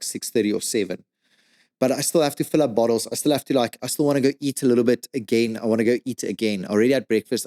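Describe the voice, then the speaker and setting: A man telling a story as a podcast guest, animated and swearing, with lots of "like" and "dude.". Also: mid-range voice. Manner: animated, swears a lot, says "like" and "dude" often. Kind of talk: casual storytelling.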